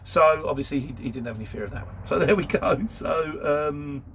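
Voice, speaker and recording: A man's voice: on the high side, a little fast, gravelly, fairly bright tone, slight background noise. A man, chatting casually in a Q&A about work as a courier driver and telling anecdotes. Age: 50s. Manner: chatty storytelling, laughs between anecdotes. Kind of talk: casual Q&A monologue.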